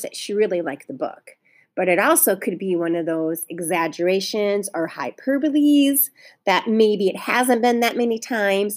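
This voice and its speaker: Expressive woman teacher reading aloud. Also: medium pitch. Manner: expressive storytelling, pauses to explain to children. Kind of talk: reading a novel aloud to a class.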